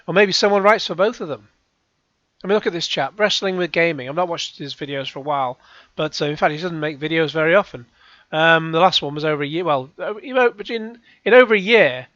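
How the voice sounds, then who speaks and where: Sarcastic man, slightly high voice. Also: fairly bright tone, dry recording, lo-fi sound. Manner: rambling, sarcastic, with frequent sighs and restarts. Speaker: YouTube reaction host. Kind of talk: casual sarcastic commentary.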